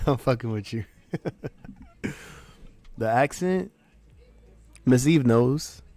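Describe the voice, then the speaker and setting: A man with a New York accent hosts a casual livestream, drawling along at an unhurried pace. His voice sits at an ordinary middle pitch, and his manner is loose and laid-back, with frequent laughs and easy swearing. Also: lively intonation, a little mellow, no room sound. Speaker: livestream host.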